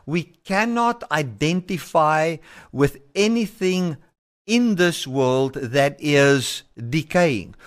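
A male pastor delivering a sermon in a measured, emphatic way, repeating key phrases. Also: on the high side. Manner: measured, emphatic preaching with repetitions.

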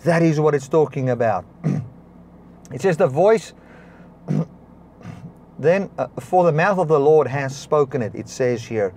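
A man's voice: fairly high pitch, lively intonation, slow, pauses often, a little hiss or hum. Man preaching a sermon, rising and falling. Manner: preaching with swings between soft and raised passages; stops to correct himself and clear his throat. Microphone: device recording a broadcast, battery powered.

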